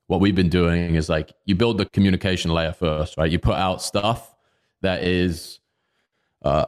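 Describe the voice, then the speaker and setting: A man's voice: low voice, darkish tone, clear, resonant tone. A man co-hosting a podcast, chatting casually and rambling with plenty of fillers. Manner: laid-back, rambling with fillers. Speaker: podcast co-host. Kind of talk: casual chat.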